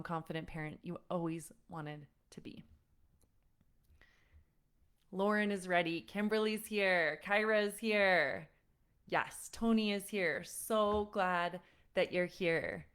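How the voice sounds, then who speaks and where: Smooth-voiced woman coaching parents. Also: on the low side. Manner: warm-up roll call, then storytelling with acted-out quotes. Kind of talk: live webinar teaching.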